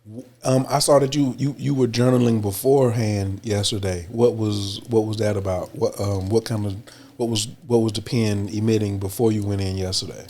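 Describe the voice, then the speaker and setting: Male host, mellow tone, halting, restarts questions. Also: lowish voice, steady tone. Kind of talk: interview questions.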